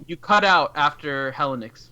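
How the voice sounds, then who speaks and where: A man's voice: fairly high pitch, lively intonation, moderate pace, sharp tone, clear, resonant tone. A man co-hosting a casual game live stream, easygoing as he moves the show along. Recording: dull lo-fi with faint hiss.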